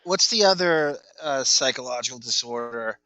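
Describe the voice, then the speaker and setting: Male podcast host, sharp bright tone, dry close sound, sarcastic quips. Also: mid-range voice, lively intonation, normal speed, dry recording, highs cut off. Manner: sarcastic, joking asides. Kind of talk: casual reaction commentary.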